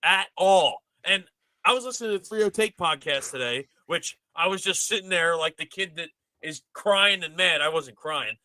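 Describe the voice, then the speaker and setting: A man's voice: high-pitched, normal speed, bright, forceful tone, no room sound, poor audio. A man hosting a casual sports podcast, ranting animatedly with exasperation. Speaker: podcast host.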